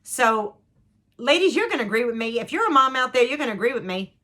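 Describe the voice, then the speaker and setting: A middle-aged woman with a bright, rather high voice that rises and falls a lot. She tells her part of the story emphatically, repeating key details and addressing the listeners directly. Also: very animated, fast. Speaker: mother of the storyteller. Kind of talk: casual storytelling chat.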